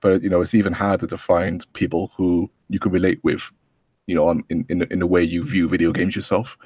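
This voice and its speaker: A man's voice: low voice, little pitch movement, brisk, darkish tone, breathy edge, dry recording. A man appearing as a podcast guest, chatting casually and rambling with lots of "you know". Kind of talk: casual chat.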